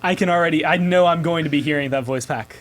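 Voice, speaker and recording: A man's voice: fairly high pitch, fast. A man hosting a game developer live stream, talking enthusiastically with lots of filler words. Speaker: livestream host. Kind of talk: casual live-stream chat. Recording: loud background noise.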